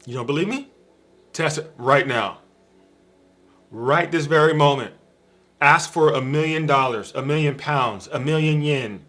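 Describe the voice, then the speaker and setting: Slow-talking man teaching on a stream. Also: a little high, fairly bright tone, faint music behind. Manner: repetitive, emphatic, talks straight to viewers. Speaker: spiritual teacher hosting a live stream. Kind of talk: informal spiritual teaching on a live stream. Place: home room with a dog bed in the corner.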